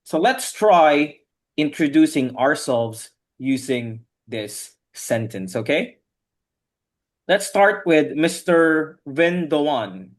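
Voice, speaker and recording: A man's voice: a little high, big pitch swings, slow pace. A man teaching an online English class over a video call, patient and repetitive, often saying "okay" as he guides learners.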